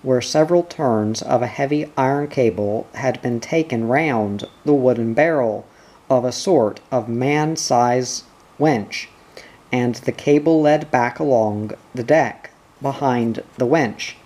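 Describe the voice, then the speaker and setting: Guy reading an audiobook, slow and steady, medium pitch. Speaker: audiobook narrator. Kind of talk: audiobook narration.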